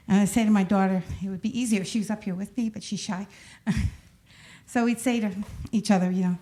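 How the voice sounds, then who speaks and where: A woman's voice: medium pitch, steady tone, brisk, warm tone. This is a woman in her sixties with a New York accent, working a stand-up set on a club stage. She talks in a loose, rambling, conversational way and keeps laughing at her own jokes. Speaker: stand-up comic.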